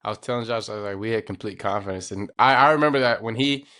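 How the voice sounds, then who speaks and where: Young guy co-hosting a podcast, bright voice, relaxed and laughing a lot. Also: fairly low pitch, fast talker. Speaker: podcast co-host. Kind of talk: casual chat.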